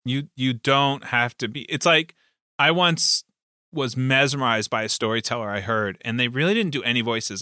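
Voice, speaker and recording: A man who hosts a podcast and runs tabletop games, chatting casually in an animated way and laughing often. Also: medium pitch, normal speed, dry recording, clean studio sound. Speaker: game master and podcast host. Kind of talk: casual chat.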